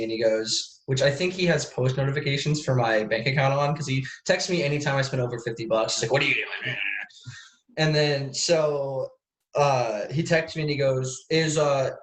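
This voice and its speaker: A man's voice: medium pitch, a bit bright, echoey room, poor audio. A young man from Central Illinois co-hosting a podcast over a video call, telling rambling stories full of swearing and impressions of his parents. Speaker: podcast co-host. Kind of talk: casual chat.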